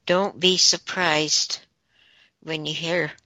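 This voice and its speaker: A woman's voice: sits low, steady tone, takes it slowly, pushed and bright, no echo. A woman on a talk podcast, relaying messages she says she is receiving, in a casual chatty way. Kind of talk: casual channeling chat.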